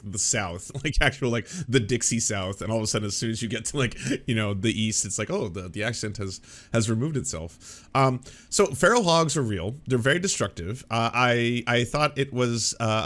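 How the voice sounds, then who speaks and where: A man's voice: on the low side, fairly bright tone. A man hosting casual political reaction commentary, rambling and sarcastic with many fillers and restarts, from Canada.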